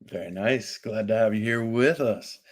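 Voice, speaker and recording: A man's voice: lowish voice, normal speed. Upbeat joking male host. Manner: upbeat, teasing. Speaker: AMA host. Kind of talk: casual online chat.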